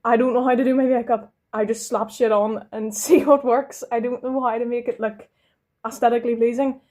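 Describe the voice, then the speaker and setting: A woman's voice: fairly high pitch, flat delivery, fairly quick, darkish tone. A young woman from London with a Northern Irish accent, chatting casually while she does her makeup, rambling, interrupting herself and swearing now and then. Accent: Northern Irish, Belfast. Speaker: vlogger.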